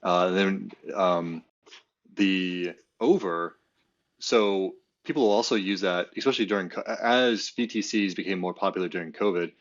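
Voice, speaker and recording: A man with a very deep voice talks casually in a relaxed, halting way, often pausing to restart his sentences. The recording sounds dull and lo-fi. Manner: relaxed storyteller, halting with many fillers and restarts. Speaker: podcast co-host. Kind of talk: casual chat.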